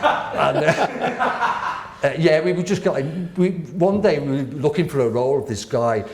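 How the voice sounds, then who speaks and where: Animated man telling stories. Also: a little high, moderate pace. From Wirral, England. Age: 60s. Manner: animated, laughing, swearing raconteur. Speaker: guest artist. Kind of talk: casual storytelling interview. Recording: roomy echo.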